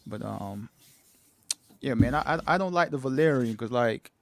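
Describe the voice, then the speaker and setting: A man's voice: mid-range voice, lively intonation, normal speed. A man joining a casual chat as a guest, talking hesitantly with frequent restarts.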